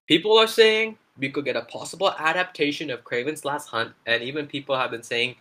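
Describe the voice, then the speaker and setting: A man co-hosting a casual gaming chat, talking with excitable fan enthusiasm. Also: on the high side, brisk. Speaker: gaming channel co-host.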